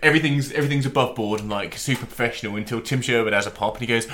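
A man's voice: medium pitch, very fast. A man co-hosting a casual football podcast, telling stories with mocking impressions. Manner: animated storytelling, mocking impressions. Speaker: podcast co-host. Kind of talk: casual chat.

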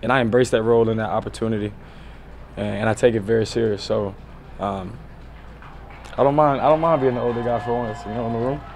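Athlete at the podium: man, thirties, casual and unhurried delivery, middle-range voice, filler-heavy answers. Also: mid-range voice, a little hiss or hum. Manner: relaxed, loose, full of "you know" fillers. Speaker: pro football player at a press conference. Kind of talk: press conference answers. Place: press conference area.

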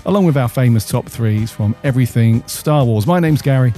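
Mellow-voiced man hosting a podcast. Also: medium pitch, animated, brisk, soft background music. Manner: laid-back, chatty, lots of fillers. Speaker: podcast co-host. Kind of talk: casual podcast chat. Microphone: studio podcast mic.

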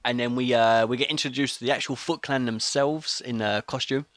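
A man's voice: mid-range voice, steady tone, brisk, a bit bright, no room sound. A man co-hosting a podcast, recapping a film's scenes in casual chat and laughing often. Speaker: podcast co-host.

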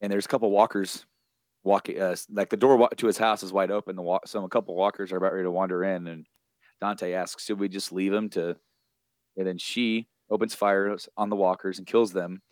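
A low-voiced man rambles through a casual comic book recap, full of restarts and fillers. The sound is close and dry, with no room around it. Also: little pitch movement, brisk, dry recording.

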